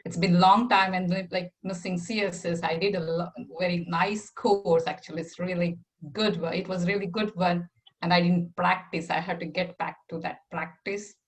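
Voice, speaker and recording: A woman whose first language is not English speaks in a somewhat low voice on a casual video call. She talks softly and hesitantly, pausing with fillers as she shares her plans. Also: fairly even intonation, rough recording. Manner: soft-spoken, hesitant, many fillers. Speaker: community member sharing weekly plan.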